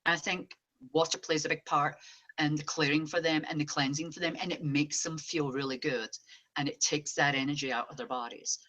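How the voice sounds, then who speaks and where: A woman talks as a psychic medium being interviewed, chatty and full of animation. Her voice sits a little low for a woman. It carries a bright, forceful edge. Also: steady tone, moderate pace. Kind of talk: casual interview chat.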